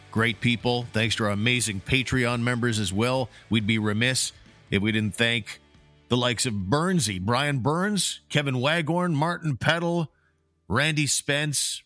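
A man's voice: mid-range voice, bright, forceful tone. A man co-hosting a casual sports podcast, upbeat as he reads through sponsor names and chats about hockey. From Canada. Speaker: podcast co-host.

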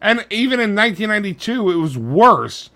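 A man co-hosting a casual podcast, talking in an animated, jokey way. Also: sits high, a little fast. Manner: animated, jokey, slips into voices. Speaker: podcast co-host.

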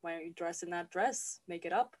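Woman putting on a scheming housekeeper, blunt, sneering, a bit lower and quieter. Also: fairly quick, natural voice. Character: cold scheming older head housekeeper, woman.

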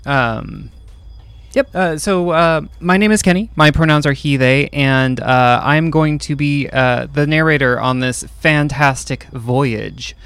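A man's voice: mid-range voice, unhurried, vocal fry, a bit bright, clean tone, dry recording. A man introducing the cast as game master, hesitant with many ums and uhs. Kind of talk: casual actual-play intro.

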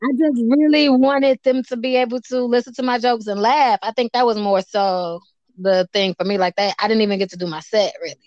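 A woman's voice: a little high, steady tone, brisk, a little mellow, no room sound, lo-fi sound. Blunt, foul-mouthed woman comedian. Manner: blunt, profane storytelling. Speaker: stand-up comedian, guest. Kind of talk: casual interview chat.

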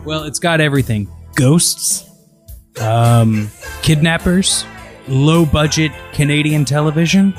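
A man's voice: a little high, a little slow, soft background music. A man co-hosting a podcast in casual chat, with a dry, wry sense of humor. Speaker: podcast co-host.

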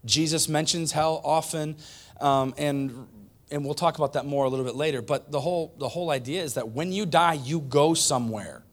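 A man's voice: fairly high pitch, moderate pace. A male pastor preaching a conversational sermon, repeating points for emphasis. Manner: conversational, emphatic repetition, animated.

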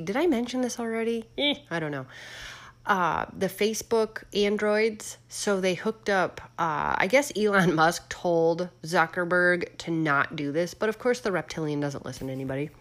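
A woman's voice: on the low side, a bit bright. Rambling, musing woman chatting casually. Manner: musing, rambling, full of fillers; asks the audience questions. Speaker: host. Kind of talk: casual chat.

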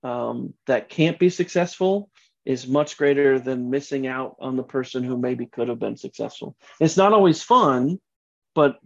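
A man's voice: medium pitch, creaky, highs cut off. A man answering podcast interview questions as a franchise executive, earnest and often restarting his sentences.

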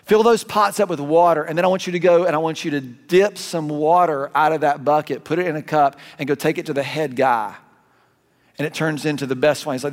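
Male Southern pastor, high voice, animated conversational sermon, reverberant sanctuary. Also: a little fast. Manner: conversational, animated preaching with asides and restarts. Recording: long hall reverb.

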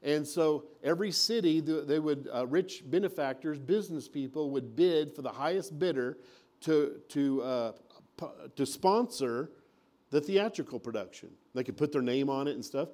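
Male pastor, slightly high voice, folksy sermon delivery. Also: moderate pace, a little mellow. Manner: folksy preaching with acted-out mini scenes.

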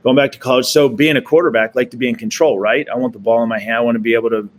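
A man's voice: medium pitch, steady tone, racing. A man in his forties, a guest and former pro quarterback, telling stories casually and often laughing. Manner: laughs often, acts out quoted people. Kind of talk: casual storytelling.

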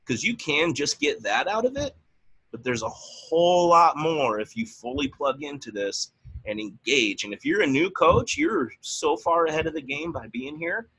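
A man co-hosting a motivational team call, animated, with his pitch leaping up when he gets excited. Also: moderate pace, slightly rough, poor audio. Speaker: coach and co-host.

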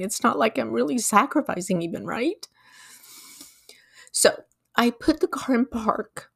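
Earnest lady doing a faith podcast, bit of fry in her voice, preachy questions to listeners. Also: on the high side, animated. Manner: earnest and emotional, slow emphatic storytelling. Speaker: podcast host. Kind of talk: devotional podcast talk.

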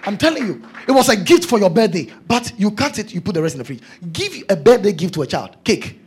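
A man's voice: high-pitched, sing-song, fairly quick, husky. A male preacher delivering a sermon, emphatic and repeating his key phrases.

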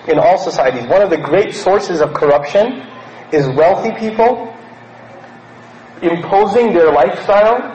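A man from Pakistan giving a lecture as a preacher, animated and acting out quoted characters mockingly. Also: sits high, reverberant, dull audio, a little hiss or hum.

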